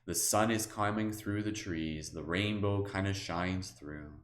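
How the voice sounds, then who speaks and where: A man with a very low voice guides listeners through a meditation. He talks slowly and softly, then shifts into relaxed, filler-heavy chat. The sound is roomy and echoey. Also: a little hiss or hum. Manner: slow, soft guiding voice, relaxed filler-heavy chat afterward. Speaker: meditation guide and live stream host. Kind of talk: guided meditation on a live stream.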